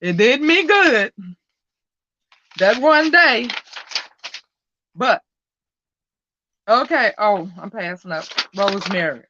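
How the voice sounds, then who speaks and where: A woman's voice: mid-range voice, animated, slow, pauses often, sharp tone, muffled recording, a little hiss or hum. A woman hosting a casual livestream, chatting with viewers and telling stories with frequent laughter. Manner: chatty storyteller who laughs often. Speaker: livestream host.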